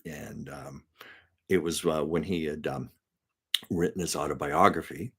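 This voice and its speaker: Very deep but a bit bright, with a breathy edge and a slightly slow pace, this man's voice carries a home livestream. He chats casually through showbiz stories, laughs frequently, and stops to read out comments from his live chat.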